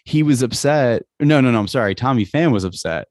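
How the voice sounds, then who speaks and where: A man's voice: medium pitch, expressive, a little fast, darkish tone. A young man hosting a casual fantasy football podcast, chatty and rambling, laughing often. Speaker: podcast host.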